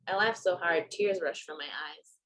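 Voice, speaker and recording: Woman author, reading own prose aloud, measured narration, lowish voice. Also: fairly bright tone, poor audio. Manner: measured, first-person narrating.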